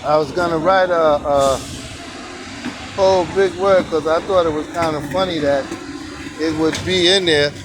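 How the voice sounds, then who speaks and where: A man's voice: on the high side, steady tone, moderate pace, noisy background. A man teaching on camera in a casual, easygoing, informal way. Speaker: calligraphy teacher.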